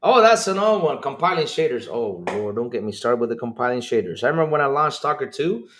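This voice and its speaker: A man hosting a casual opinionated livestream, excitable and animated, swearing freely and jumping up in pitch when worked up. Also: quick pace, slight background noise. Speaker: podcast host streaming to chat. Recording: echoey room.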